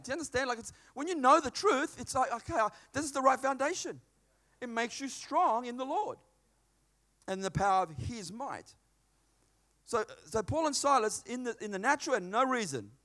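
A middle-aged man preaching a sermon, telling stories with acted-out dialogue. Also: high voice. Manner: animated storytelling, acts out dialogue in a hushed voice.

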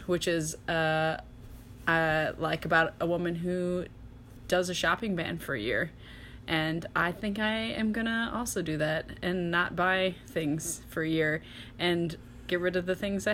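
A woman's voice: lowish voice, fairly even intonation, a little slow, fairly bright tone, a little hiss or hum. A woman in a casual podcast chat, rambling through what she has been reading and watching, with laughter and dry sarcastic asides. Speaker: podcast co-host.

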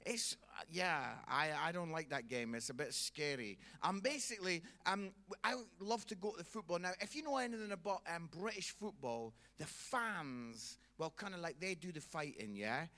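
A Scottish man works a stand-up crowd in a chatty storytelling style. His voice sits high and bright, and it swings up and down a lot as he tells the story and keeps the audience involved. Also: animated, normal speed, hardly any pauses. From Scotland. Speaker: stand-up comedian. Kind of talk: stand-up comedy routine.

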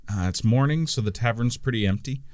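A man, narrating a tabletop game as game master in a relaxed, offhand way. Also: mid-range voice, brisk, dry recording. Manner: relaxed, offhand scene-setting.

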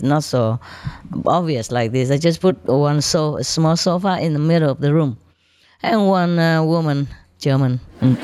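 A woman's voice: low-pitched, darkish tone, no echo. A woman spiritual teacher telling chatty stories to her disciples, laughing often and showing things with her hands. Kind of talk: casual storytelling talk to disciples.

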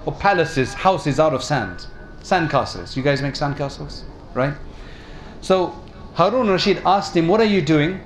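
A man's voice: fairly high pitch, expressive, measured pace, slight background noise. Man giving a storytelling sermon. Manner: storytelling, addresses audience with questions. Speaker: preacher.

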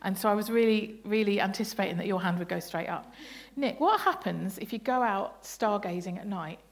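Brisk and animated, a medium-pitched woman leads the congregation through an interactive family sermon at church. As the Bible study leader, she laughs and teases while asking the people questions.

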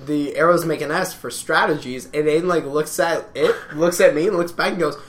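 A man's voice: fairly high pitch, fairly quick. A man from Canada co-hosting a podcast, telling rambling stories in casual chat with friends. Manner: rambling storyteller, lots of fillers. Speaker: podcast co-host.

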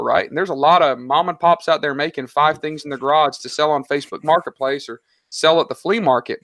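A man talking casually as an interview guest, animated and slangy, telling stories about his business. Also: on the high side, dry recording, clean studio sound. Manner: animated, story-driven, slangy. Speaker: guest, online seller.

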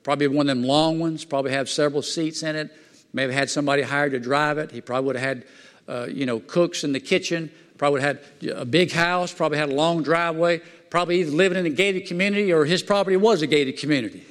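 Fervent high-voiced preacher in a reverberant hall. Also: male voice, quick pace. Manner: fervent, swinging from loud excitement to quiet asides; folksy plain-spoken preaching. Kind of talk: sermon.

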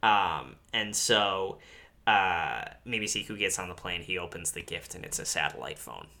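A man's voice: low voice, lively intonation, normal speed, vocal fry, pushed and bright. A man co-hosting a podcast, recapping a movie in casual chat, joking and swearing with many fillers. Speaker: podcast co-host.

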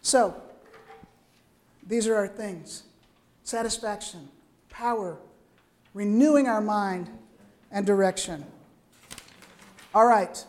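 An older woman preaching a sermon in a conversational, lively way, often checking in with her listeners with quick asides. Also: mid-range voice.

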